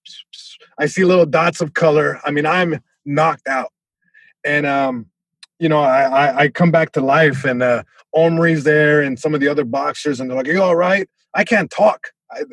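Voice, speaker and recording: A male comedian telling a story in casual podcast chat, lively, acting out voices, with many restarts. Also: fairly high pitch, no echo. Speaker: comedian guest.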